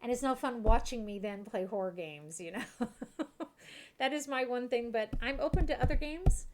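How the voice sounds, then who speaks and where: A woman's voice: fairly high pitch, normal speed, background noise. Giggly woman streaming games. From Kentucky, USA. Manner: chatty, giggly, talks to her chat. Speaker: game streamer. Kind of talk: casual chat while streaming a life-sim game.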